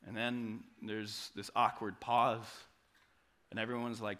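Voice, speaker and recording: Bright, dynamic preaching man. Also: on the low side, level tone, slow, slight background noise. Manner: dynamic preaching, drops to soft quiet passages and rises to loud acted quotes. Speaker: pastor. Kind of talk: sermon.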